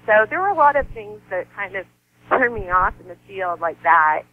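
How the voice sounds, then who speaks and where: A woman's voice: mid-range voice, lively intonation, moderate pace. Earnest woman in her thirties on a dull line. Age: 30s. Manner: earnest and heartfelt, laughs easily, voice softens when grieving. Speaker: guest, model and actress. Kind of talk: emotional personal interview talk.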